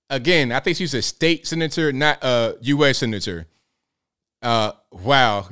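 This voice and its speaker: A man's voice: medium pitch, lively intonation, slow pace, bright, forceful tone, smooth. Guy hosting a live show, cracking jokes and laughing at clips. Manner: joking, slangy, laughs often. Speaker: host. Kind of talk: live reaction commentary.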